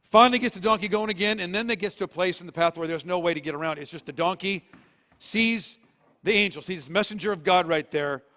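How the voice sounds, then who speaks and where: A pastor preaching to his congregation, telling the story in a lively, joking way with a fairly high voice. The sound carries a long reverb from the church hall. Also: fast. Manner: animated storytelling, jokey. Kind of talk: sermon. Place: church auditorium.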